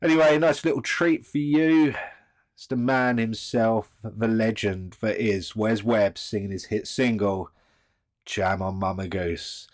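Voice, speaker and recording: A man's voice: lowish voice, unhurried, dry recording. Sardonic swearing male host. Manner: swearing, mocking, rambling. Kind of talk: sardonic commentary.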